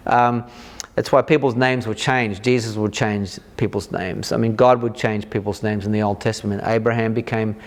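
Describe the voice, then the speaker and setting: A man's voice: lowish voice, normal speed. Man teaching the Bible conversationally. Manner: animated, acts out reactions in lively quoted voices; informal, with fillers and restarts.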